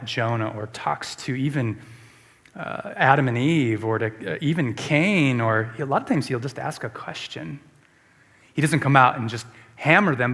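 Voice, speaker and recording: A man's voice: medium pitch, fairly bright tone. A man preaching a sermon as a pastor, emphatic and repeating rhetorical questions to the congregation. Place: church sanctuary. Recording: long church reverb.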